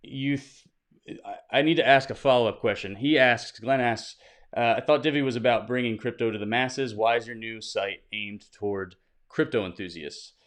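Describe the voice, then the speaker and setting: A man's voice: medium pitch, normal speed, a bit bright. A man hosting a weekly livestream Q&A, reading viewer questions aloud and answering off the cuff in an upbeat, conversational way. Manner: upbeat greeting viewers by name. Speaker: host of a weekly crypto livestream. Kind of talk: casual livestream Q&A.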